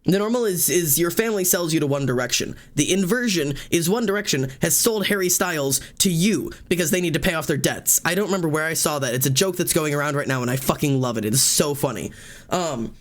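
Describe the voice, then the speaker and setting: A man chats on a live stream, rambling casually between thoughts. His voice sits a bit higher than most men's, and he swears freely and laughs often. He talks into a desk microphone. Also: expressive, fast talker. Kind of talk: casual chat while gaming.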